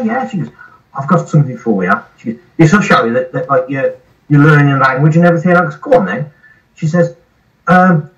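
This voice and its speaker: A man telling a rambling, profane story with a lively, swooping delivery. He sits back from the mic, and the recording sounds muffled and lo-fi. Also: fairly high pitch, a little fast, far from the mic. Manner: swears freely, animated storyteller. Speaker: airsoft site owner, guest. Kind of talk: casual podcast storytelling.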